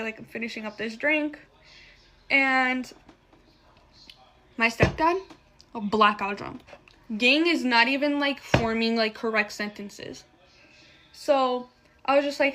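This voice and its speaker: A young adult woman with a high-leaning, bright, forceful voice shares a personal story while doing her makeup. She's casual and emotional, swears heavily, and fills her speech with "like."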